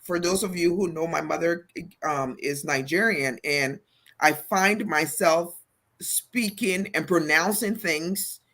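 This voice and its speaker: A woman's voice: on the low side, takes it slowly, a bit bright. A woman from Liberia co-hosting a casual talk show, stating her opinions firmly. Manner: firm, opinionated. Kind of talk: casual panel chat.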